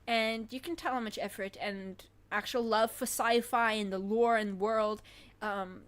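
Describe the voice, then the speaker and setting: A woman's voice: fairly high pitch, measured pace. A woman co-hosting a livestream, chatting casually and reading viewer comments, with lots of fillers. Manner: giggly, animated, thinks aloud with fillers. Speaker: livestream co-host.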